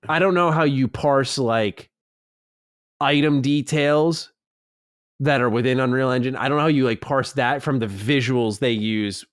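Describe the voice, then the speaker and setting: Animated podcast guy, dry close mic. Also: mid-range voice, dry recording. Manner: animated, swears, reads listener mail. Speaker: podcast co-host. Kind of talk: casual podcast chat.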